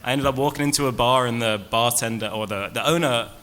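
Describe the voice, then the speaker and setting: Young English bartender, bright voice. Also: male voice, mid-range voice, fast talker, a little hiss or hum. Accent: English, Surrey. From England. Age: young adult. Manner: self-mocking, laughs while talking. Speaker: bartender guest. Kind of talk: casual interview chat.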